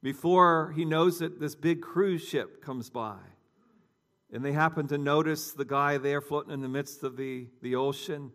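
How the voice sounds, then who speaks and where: A man's voice: on the high side, unhurried, fairly bright tone. A man preaching a sermon, telling a story conversationally and talking directly to his congregation. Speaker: pastor.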